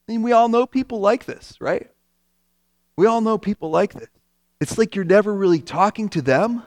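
High-voiced man preaching a sermon. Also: normal speed, no room sound, studio quality. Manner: conversational, emphatic, repeats key lines. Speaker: pastor.

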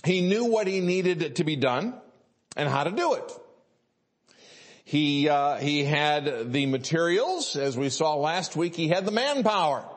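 Rambling storytelling pastor, fairly high voice. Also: male voice, lively intonation, a little slow. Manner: rambling storytelling with many fillers and restarts. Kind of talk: sermon.

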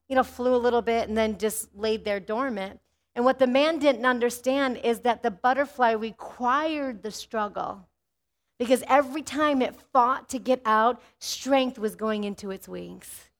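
A woman preaching a sermon in a church, animated and often asking the congregation "Amen?". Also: fairly high pitch.

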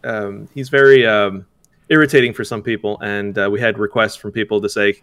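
Smooth-voiced man, halting and laughing. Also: on the low side, fairly even intonation, a bit bright, dry recording, studio quality. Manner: hesitant, many restarts, laughs often. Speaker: game developer guest. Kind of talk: casual interview talk.

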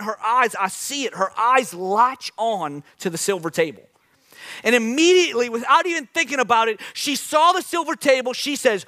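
A young male pastor with a high, bright voice delivers a sermon. He tells his stories in an animated way, with sudden loud bursts of energy.

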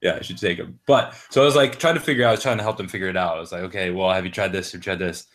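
Low-voiced man bantering crudely. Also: very fast, fairly bright tone. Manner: joking, profane, laughs often. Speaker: podcast co-host. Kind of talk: crude casual podcast banter.

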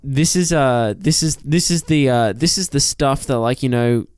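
A man's voice: mid-range voice, moderate pace, darkish tone, smooth, no echo. A young man co-hosting a casual movie podcast, laid-back and rambling, swearing freely. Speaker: podcast co-host.

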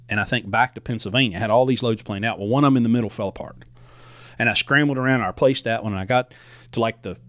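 A man's voice: on the low side, fairly bright tone, no room sound. A man who drives a truck, telling stories from the road in a casual, rambling way with frequent restarts. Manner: conversational, frequent restarts and asides. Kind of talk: casual storytelling monologue.

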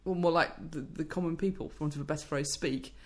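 A woman with a low-pitched voice, a speech researcher explaining her work in an interview, thoughtful and fluent with frequent restarts. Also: quick pace. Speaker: speech scientist guest.

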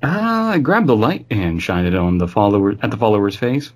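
Low husky guy reading a creepy story out loud for laughs, pretty offhand. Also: animated, brisk. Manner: reads in an offhand, amused way, stopping to comment. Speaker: podcast host reading a story aloud.

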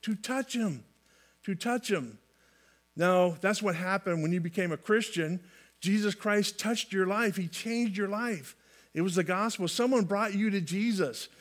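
Man, high voice, folksy preacher, restarts phrases, light jokes, sermon delivery. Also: measured pace. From California. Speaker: pastor.

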